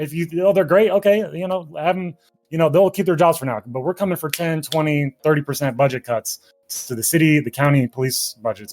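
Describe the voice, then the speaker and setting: A man's voice: a little high, darkish tone. A man speaking as an activist guest in a casual interview, heated, profane and passionate, admitting he gets emotional.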